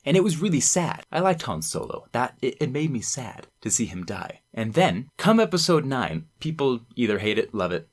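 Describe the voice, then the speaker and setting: A man's voice: mid-range voice, very animated, normal speed, few pauses. A young man, a student presenter, talking casually and enthusiastically to camera, rambling and acting out quoted lines. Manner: enthusiastic, rambling, quoting lines in acted voices.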